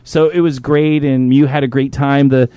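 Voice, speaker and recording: Man, podcast host, casual, profane, animated, middle pitch, dry close mic. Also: moderate pace, smooth, no echo, muffled recording. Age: adult, a parent. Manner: profane, animated, jumps into impressions of others.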